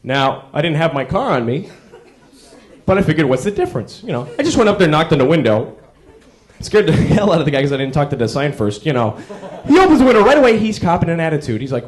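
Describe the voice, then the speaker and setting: Guy doing standup, high voice jumping all over, crowd laughing behind. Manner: animated, acts out characters in quick bits. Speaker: stand-up comedian. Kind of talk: stand-up routine. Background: audience laughter.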